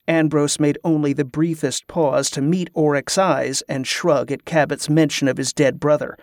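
A man reading a novel aloud as narrator, in an even, measured way. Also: on the high side, dry recording, clean studio sound. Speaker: audiobook narrator. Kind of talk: scripted narration.

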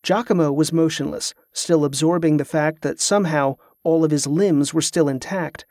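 A man narrating a novel as an audiobook, in a steady, even storytelling manner. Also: fairly high pitch, moderate pace, dry recording, studio quality.

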